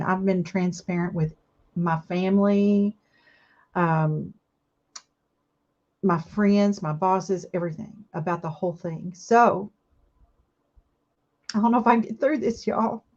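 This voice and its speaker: A middle-aged woman with an easy, unhurried way of talking, speaking straight to her viewers as she works. She sounds earnest and homey, and the audio is a touch dull and lo-fi, like a home livestream. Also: lowish voice. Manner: chatty, earnest, addresses viewers warmly as y'all. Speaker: craft livestream host. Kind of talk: casual chat while crafting. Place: home, indoors.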